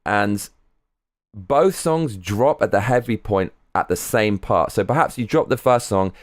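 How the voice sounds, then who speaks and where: A man's voice: fairly low pitch, a little slow, no room sound, clean studio sound. A man chatting on a live stream, candid and rambling, swearing freely. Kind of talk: casual live-stream chat.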